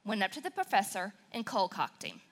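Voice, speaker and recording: A woman from southern Wisconsin, a pastor's wife, giving a sermon with a southern Wisconsin accent in a sassy, excitable, emotional way. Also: mid-range voice, a little fast, noisy background. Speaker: pastor's wife speaking at church.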